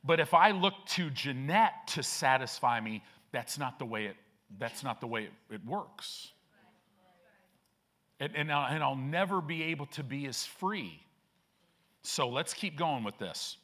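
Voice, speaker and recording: A man's voice: medium pitch, lively intonation, measured pace, pushed and bright. A man preaching a sermon as pastor, emphatic and repetitive, with frequent restarts.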